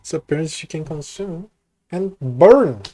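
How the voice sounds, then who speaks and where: A man's voice: fairly high pitch, expressive, normal speed, warm tone, poor audio. A young man streaming a video game, chatting casually, swearing and reading item text aloud. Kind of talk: casual gameplay commentary.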